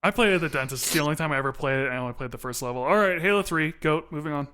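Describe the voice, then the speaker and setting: A man's voice: fairly high pitch, racing, sharp tone, smooth. A young man co-hosting a casual podcast chat, talking enthusiastically and rattling off long lists. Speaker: podcast co-host.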